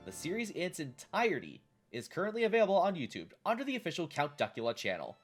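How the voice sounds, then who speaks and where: A man's voice: on the high side, huge pitch swings, quick pace, slightly rough, soft background music. Wry man narrating a TV retrospective. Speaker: host of a retrospective show. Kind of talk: scripted narration.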